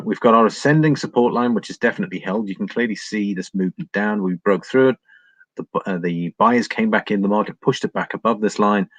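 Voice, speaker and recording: A man's voice: lowish voice, a bit bright, no room sound, low-quality recording. An Englishman commentating on market charts in a casual livestream, thinking aloud with frequent ums and chatting to viewers. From England. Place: home, living in Ireland.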